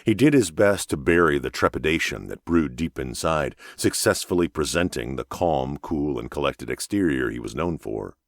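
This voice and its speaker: A man narrating a thriller audiobook in a measured, even storytelling manner. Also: a bass voice, vocal fry, dry recording, studio quality. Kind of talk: scripted narration.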